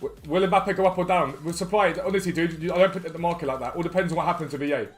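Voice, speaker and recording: Upbeat male game streamer, rapid-fire chatty delivery, a touch higher-pitched than most men. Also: soft background music. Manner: upbeat, greets chat viewers one by one. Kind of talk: live stream chat over gameplay.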